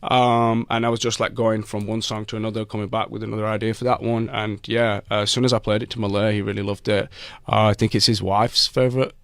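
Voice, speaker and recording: A man's voice: lowish voice, level tone, quick pace, a bit bright, smooth. A man from England, a singer as guest, chatting casually in a laid-back, rambling way with many ums. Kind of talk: casual interview chat.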